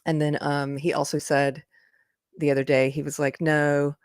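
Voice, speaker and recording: A woman with a low voice hosts a relaxed livestream, chatting loosely, wandering into asides and breaking into laughter. The sound is dry and close, with little room around it. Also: moderate pace, dry recording. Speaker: livestream host. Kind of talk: casual live chat. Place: indoors, upstairs room.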